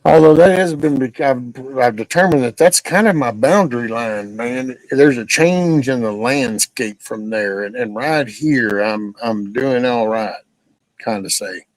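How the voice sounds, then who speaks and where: A man's voice: mid-range voice, a little slow, no echo, low-quality recording. Blunt folksy older man, dry sound. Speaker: live-stream host. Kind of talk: casual live-stream chat reading comments.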